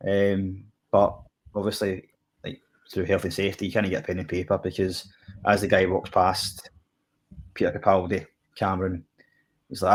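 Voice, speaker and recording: A Scottish man co-hosts a podcast reviewing a TV episode, talking casually in a rambling way full of fillers like "kinda" and "like." His voice sits low, with a flat delivery, a moderate pace, and frequent pauses.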